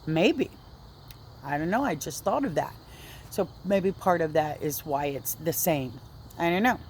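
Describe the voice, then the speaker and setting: In her home vlog, this woman sits and earnestly recounts her religious story, rambling and frequently starting sentences over. She speaks a little slowly in a low, expressive voice, and there's a touch of hiss or hum in the audio.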